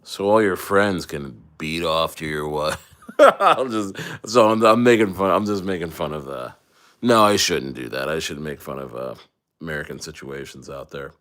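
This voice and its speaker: A man's voice: extremely low pitch, moderate pace, fairly bright tone. A man chatting casually on a livestream, loose and rambling with jokes and restarts, a little tipsy from wine. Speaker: crypto livestreamer.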